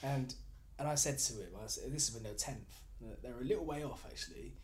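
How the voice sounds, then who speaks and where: Surrey-accented man, casual chat, fast rambling stories, faint room noise. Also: mid-range voice, a little mellow. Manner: rambling storyteller, halting restarts.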